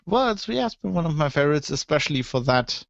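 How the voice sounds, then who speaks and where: A man's voice: a little high, big pitch swings, fast talker, gravelly, dry recording, muffled recording. A man co-hosting a podcast, dropping short, wry remarks in casual chat. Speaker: podcast co-host.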